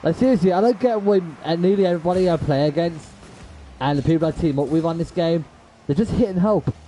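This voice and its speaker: A gaming livestreamer chats directly to his viewers while playing, using slang and saying "bro" a lot, cursing and raging at plays before apologizing. His voice is fairly high and mellow and he talks fast, on a rough recording with a bit of hiss or hum.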